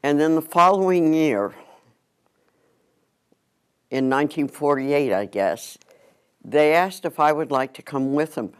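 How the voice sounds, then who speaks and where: A man in his nineties, slowly and calmly recalling the past in an interview. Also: on the high side, clean tone. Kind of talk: reminiscing interview.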